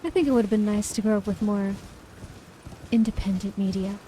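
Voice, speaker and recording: A woman in her thirties from the United States, streaming a game live, jumping from sudden high squeals of surprise into relaxed chatty talk with her viewers. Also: brisk, a little hiss or hum, poor audio. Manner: excitable, squeals and exclaims at game events, then chats casually. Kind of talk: live gameplay commentary.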